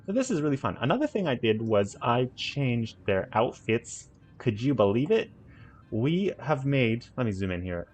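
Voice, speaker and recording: A man's voice: mid-range voice, very animated, normal speed, faint music behind. A man giving casual let's-play commentary on a city-building game, rambling and correcting himself with playful asides. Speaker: gaming channel host.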